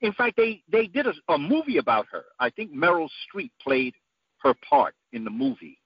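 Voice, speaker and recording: A man giving an emphatic, preacherly talk whose voice climbs to high peaks. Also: sing-song, normal speed, husky, no echo. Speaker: guest speaker. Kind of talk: impassioned lecture-style talk. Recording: dull lo-fi dry sound.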